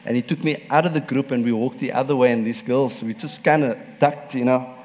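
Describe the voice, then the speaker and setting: A man's voice: medium pitch, fairly even intonation, brisk, darkish tone, long reverb tail, slight background noise. A man preaching a sermon as pastor, telling personal stories and laughing often.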